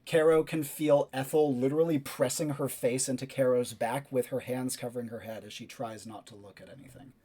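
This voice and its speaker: A man's voice: mid-range voice, fairly even intonation, fairly quick, hardly any pauses, dark tone, breathy edge. A man narrating a tabletop role-playing game as game master, describing the action with many fillers.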